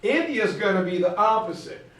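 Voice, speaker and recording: Higher-pitched male teacher, jokey lecture style, distant classroom audio. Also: brisk. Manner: jokey, animated storyteller. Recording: echoey classroom from far off.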